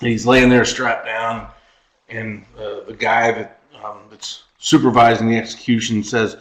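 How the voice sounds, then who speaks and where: A man's voice: lowish voice, flat delivery, measured pace, fairly bright tone, reverberant, low-quality recording. A man co-hosting a podcast in casual chat, rambling through a story and laughing at his own jokes. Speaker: podcast co-host.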